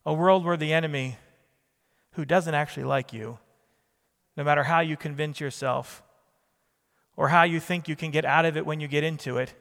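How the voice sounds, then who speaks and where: A man preaching with emphatic repetition and questions thrown to his congregation. His voice sits fairly high for a man. Long reverb trails each phrase, as in a big church sanctuary. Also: steady tone, moderate pace, long pauses, fairly bright tone. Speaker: pastor. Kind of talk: sermon.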